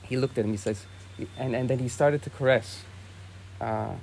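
A young man, a monk, telling a saint's story in a relaxed, casual way with lots of "you know" and "like". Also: medium pitch, normal speed, creaky, slight background noise. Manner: easygoing, many fillers like "you know" and "like".

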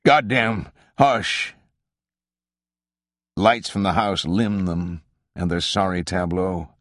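Audiobook narrator: man, very low voice, measured literary delivery, dry close sound. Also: no echo. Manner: measured, even literary reading. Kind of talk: scripted narration of a literary novel.

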